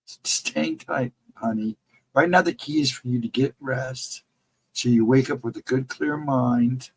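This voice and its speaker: A man's voice: mid-range voice, measured pace, slightly rough, rough recording. A middle-aged man co-hosting a casual livestream chat, talking in an earnest, encouraging way and repeating his advice. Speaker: livestream co-host.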